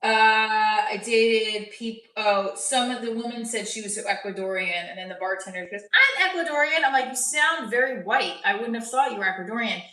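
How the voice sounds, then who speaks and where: A woman's voice: mid-range voice, moderate pace, hardly any pauses, fairly bright tone. A woman comedian chatting casually on a livestream, rambling and interrupting herself as she works out jokes. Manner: rambling, self-interrupting, jokey. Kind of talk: casual chat with live chat. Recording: echoey room, voice a bit far from mic.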